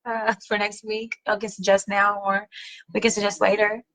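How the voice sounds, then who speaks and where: A middle-aged woman hosting a casual chat, reading viewer comments, slangy and animated, swearing casually and laughing often. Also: mid-range voice, moderate pace, rough recording. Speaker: host.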